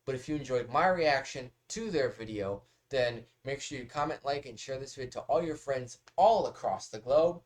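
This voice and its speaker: Male reaction host, chatty and rambling, casual swearing, medium pitch. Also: animated, normal speed, hardly any pauses.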